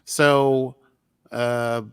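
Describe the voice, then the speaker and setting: A man co-hosting a podcast, recapping an episode in a chatty, joking way with sudden jumps in pitch. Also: flat delivery, very slow, clean tone, no echo, studio quality. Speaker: podcast co-host.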